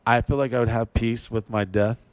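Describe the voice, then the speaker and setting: This podcast host talks in a loose, rambling casual chat, swearing a lot and hammering his points home. His voice sits at medium pitch with fairly even intonation and a fairly quick pace, recorded with no room sound.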